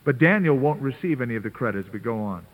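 A man's voice: medium pitch, lively intonation, fast. A man preaching a sermon in an earnest, conversational way with emphatic asides. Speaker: pastor. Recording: tinny narrow-band radio broadcast.

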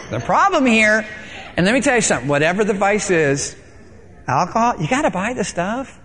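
A male pastor preaching a sermon, animated, acting out little dialogues with shouts and laughter. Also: high-pitched, brisk, long reverb tail, a crowd in the background, background noise.

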